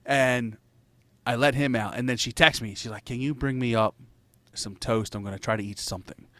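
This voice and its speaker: A man's voice: medium pitch, normal speed, sharp tone, no echo. A man in casual chat, telling a rambling, profanity-laced story and laughing between lines.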